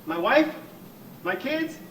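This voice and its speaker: A man's voice: very high-pitched, sing-song, slow pace, fairly bright tone, heavily acted. A man playing a weepy, fretful divorced husband. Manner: sentimental and apologetic, given to tearful rambling. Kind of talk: live stage comedy acting. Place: church stage before a live audience. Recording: echoey hall, distant room mic, faint noise.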